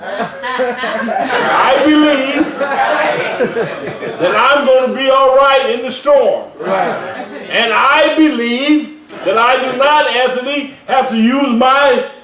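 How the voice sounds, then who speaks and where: Male preacher, high voice, storytelling sermon, live stream, echoey hall, congregation audible. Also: slow pace, distant mic, a crowd in the background. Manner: animated, laughing as he tells a story. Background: congregation responding.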